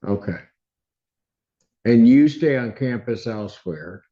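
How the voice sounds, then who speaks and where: Male judge asking questions real slow and firm, mellow voice, dull court audio. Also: medium pitch, animated.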